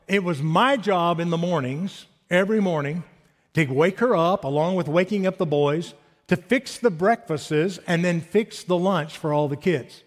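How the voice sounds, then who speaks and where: A man in his fifties delivers a sermon in a high voice, animated and full of rhetorical questions. His words ring out with a long hall reverb, as in a church sanctuary. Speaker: pastor.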